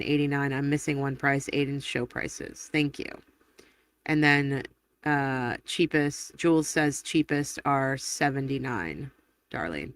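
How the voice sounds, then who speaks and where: A woman hosting a casual live stream, rambling through viewer comments with quick laughs and self-corrections. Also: sits low, fairly bright tone, dry recording. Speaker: livestream host. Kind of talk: casual livestream chat, reading viewer comments aloud.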